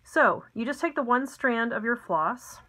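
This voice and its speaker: A woman's voice: fairly high pitch, expressive, measured pace, sharp tone, poor audio. A middle-aged woman giving a casual, step-by-step craft lesson at her desk at home, chatty and homey with frequent ums and asides. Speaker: craft tutorial host.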